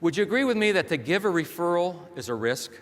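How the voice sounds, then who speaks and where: A man's voice: high voice, big pitch swings, quick pace. Motivational speaker man on a reverberant stage. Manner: storytelling with rhetorical questions to the audience. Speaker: keynote speaker. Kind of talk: motivational keynote speech. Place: large hall stage before a big audience. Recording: long hall reverb from a stage.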